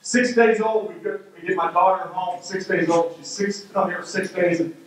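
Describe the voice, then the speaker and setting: High-voiced man telling a comic story in an echoey hall. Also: moderate pace, recorded from a distance. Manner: comic, animated storytelling with acted-out quotes. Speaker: keynote speaker. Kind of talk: storytelling keynote speech. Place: large hall with an audience. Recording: very echoey hall, heard from afar.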